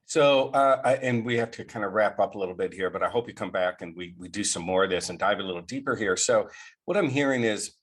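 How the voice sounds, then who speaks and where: A man's voice: lowish voice, quick pace, slightly rough. A man hosting a casual interview, talking animatedly and often repeating his words. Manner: animated, repeats words, frequent "you know" and "right?". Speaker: podcast host and financial planner.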